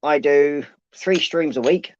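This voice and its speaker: A laid-back British man talks easily about his own streams over a slightly dull, lo-fi connection. The sound is dry, with no room around it. His replies are short and relaxed. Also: on the high side, takes it slowly, no room sound. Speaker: co-host, guest streamer. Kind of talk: casual live-stream chat.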